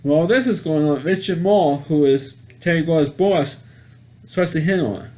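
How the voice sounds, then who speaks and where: A man casually recapping a movie plot, rambling and halting with many restarts and repeated words. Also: fairly high pitch, darkish tone. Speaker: movie reviewer.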